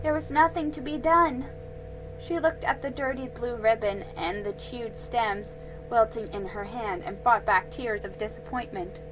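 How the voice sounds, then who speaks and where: A woman reading a children's storybook aloud, slow and careful, with small slips she corrects. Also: a little high, music in the background, low-quality recording.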